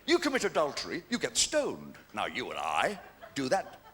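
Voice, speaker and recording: A man's voice: medium pitch, wildly swooping pitch, moderate pace, sharp tone. An English man in his sixties doing live stand-up comedy, chatty and cheeky with well-timed punchlines, on stage at a large venue.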